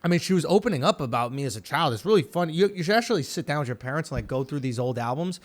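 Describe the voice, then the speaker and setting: Man in his thirties, comedy podcast host, high voice, animated storytelling, swears freely. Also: rapid-fire. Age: 30s.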